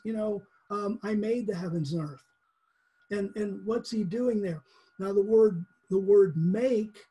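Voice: mid-range voice, warm tone, husky. A Bible teacher giving a conversational lesson, explaining patiently with chuckles and frequent restarts.

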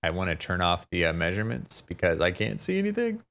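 A man talking through a software tutorial, thinking aloud, fumbling and poking fun at himself. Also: deep voice, wildly swooping pitch, quick pace. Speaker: tutorial maker. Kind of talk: unscripted screen-recorded tutorial.

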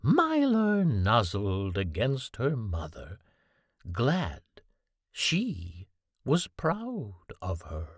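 A woman reading a children's animal story aloud, slowly and gently. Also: rumbling low, dry recording, studio quality. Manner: slow, gentle, very expressive reading. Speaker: storybook reader.

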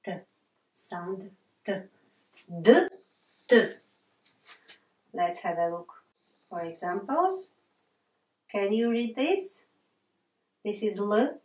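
A woman teaching a pronunciation lesson, slowly naming letter sounds in pairs and repeating example words. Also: mid-range voice, darkish tone. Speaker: language teacher. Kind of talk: slow classroom pronunciation lesson. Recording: echoey room from far off.

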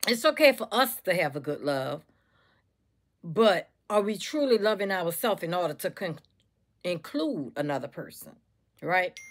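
Woman, motivational speaker, preachy repetition. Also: lowish voice. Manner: preachy, repetitive, calls listeners baby and y'all. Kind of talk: motivational talk to camera.

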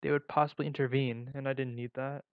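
A man reading a first-person story aloud in a plain, steady way, with small slips and restarts. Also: medium pitch, fast talker, smooth, no echo. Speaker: story reader. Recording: dull lo-fi recording.

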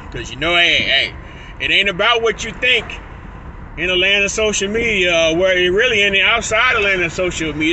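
A man's voice: a little high, background noise. A man talking to his phone camera while driving, rambling with stuttered restarts and laughing asides. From Illinois. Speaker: vlogger. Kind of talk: casual vlog monologue. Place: in a car, driving.

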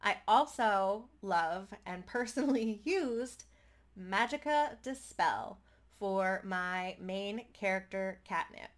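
An upbeat woman in her thirties talks straight to the camera in a casual, chatty vlog. She speaks in quick bursts and keeps a friendly, excited flow. Her voice sits at a medium pitch for a woman. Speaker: tabletop gaming vlogger.

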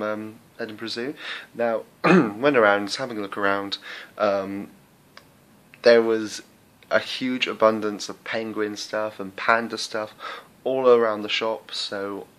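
A man chatting casually in a travel vlog, excitable and full of fillers, filming himself indoors and then outdoors on a handheld camera. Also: lowish voice. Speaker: travel vlogger. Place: hotel room, then outdoors at a castle.

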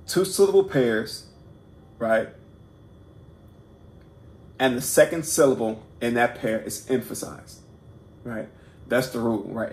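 A man with a gravelly, slightly rough voice teaches a casual poetry lesson. He talks informally, trips over his words and restarts often, checking in with his listeners. The sound bounces around an echoey room. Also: medium pitch. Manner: halting, many repeated words and restarts, keeps asking "right?"; self-deprecating and informal. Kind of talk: casual unscripted video lesson.

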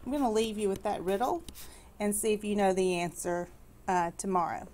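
A woman math teacher giving a recorded lesson. She explains patiently and slows down to stress key words, with a light, corny humor aimed at her students. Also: mid-range voice, a little mellow.

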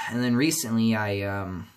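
A man speaks alone to camera in a loose, rambling vlog. He restarts sentences and leans on fillers, sinking into quiet, low stretches before bursting out louder. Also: slow pace, clear, resonant tone. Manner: rambling, many restarts and fillers, swings from subdued to loud outbursts. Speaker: YouTuber. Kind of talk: casual vlog monologue.

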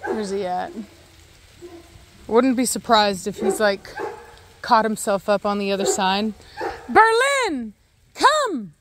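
Unhurried and pausing often, a woman's medium-pitched voice holds a steady tone against background noise. As a dog owner vlogger, she rambles casually while doing farm chores with her dogs in a yard with a garden and livestock.

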